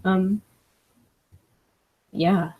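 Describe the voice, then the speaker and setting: A woman's voice: medium pitch, steady tone, very slow, narrow, tinny audio. A woman hosting a livestream, reading chat comments aloud and chatting casually with lots of laughs. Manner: laughs often, fillers like "like" and "I don't know".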